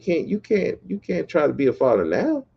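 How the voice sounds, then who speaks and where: A man's voice: on the high side, sing-song, normal speed, vocal fry, husky, dull audio. A man hosting a podcast livestream, ranting bluntly and profanely in a casual, repetitive way. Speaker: podcast host.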